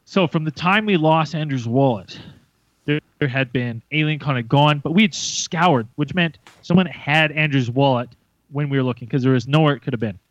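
A man's voice: normal speed, no echo, highs cut off. A man co-hosting a podcast, telling a story in casual chat with lots of swearing, acting out the people he quotes. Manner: animated, swearing, acts out quotes in high voices. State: hungover. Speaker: podcast co-host.

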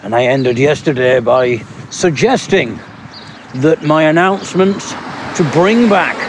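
A man's voice: fairly high pitch, lively intonation, a little slow. A man, a stand-up comedian recording a casual spoken blog while walking outside, rambling with dry, self-mocking humour. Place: outdoors on an urban street with traffic. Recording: street noise behind a mobile recording.

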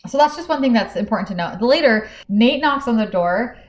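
A woman's voice: fairly high pitch, fairly quick, reverberant. A woman co-hosting a book podcast, chatting casually and animatedly acting out dialogue as she recaps the plot. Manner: animated, acts out dialogue while retelling the plot.

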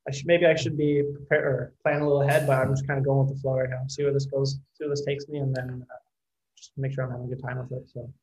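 A man's voice: medium pitch, flat delivery, quick pace, a little mellow, rough recording. A man in a casual interview, a rugby player answering questions in a laid-back way and laughing easily.

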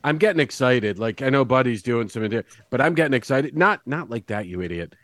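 A man playing an excitable male investigator who speaks bluntly and rambles when he gets worked up. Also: mid-range voice, fairly quick, no echo, natural voice. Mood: excited. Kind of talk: improvised tabletop role-play.

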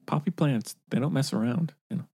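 An easygoing man co-hosts a casual podcast, agreeing often and restarting his sentences. His voice is mid-pitched and recorded dry and close. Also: brisk, vocal fry, dark tone, husky, no room sound. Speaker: podcast co-host. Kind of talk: casual chat.

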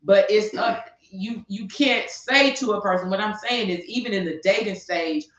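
A woman's voice: mid-range voice, moderate pace. Passionate ranting woman, echoey far mic. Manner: passionate, ranting, asks pointed rhetorical questions. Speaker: podcast co-host. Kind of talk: heated opinion talk. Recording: distant, echoey, dull lo-fi sound.

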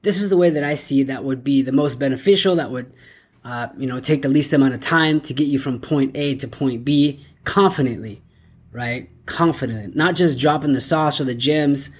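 A man hosting his own podcast, talking solo in an upbeat, energetic way and often tagging lines with "right?". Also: mid-range voice, normal speed, slightly rough. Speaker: podcast host. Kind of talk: solo motivational podcast talk.

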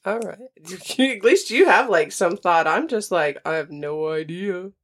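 Chatty low-voiced woman guessing aloud. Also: a little slow. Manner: chatty, laughing, thinks aloud while guessing. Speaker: quiz player. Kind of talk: casual chat.

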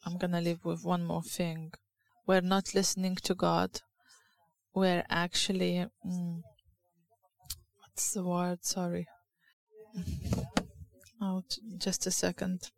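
A woman's voice: on the low side, vocal fry. A woman with a Lithuanian accent giving an informal sermon, hesitant and searching for words, reading scripture aloud. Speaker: church speaker.

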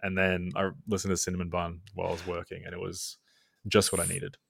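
Deep gravelly man rambling on a podcast. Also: monotone, fast talker, fairly bright tone, no room sound, studio quality. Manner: rambling and chatty, says "like" constantly. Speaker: podcast co-host. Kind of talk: casual podcast chat.

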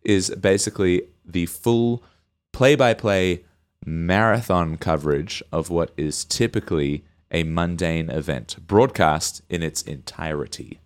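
A man with a deep, low voice co-hosts a casual comedy podcast. He rambles through his points and laughs often between lines. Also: a little slow. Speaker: podcast co-host.

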